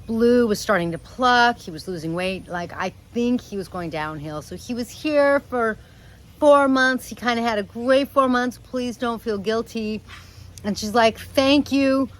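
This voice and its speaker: A middle-aged woman vlogging casually about her parrot, chatty and animated, sometimes talking to the bird. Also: medium pitch, low-quality recording. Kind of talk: casual storytelling vlog. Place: screened patio outdoors.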